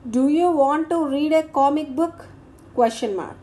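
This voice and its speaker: With a high-pitched, warm voice, a woman teaching dictates answers to grammar exercises slowly and deliberately. She calls out each answer along with every punctuation mark.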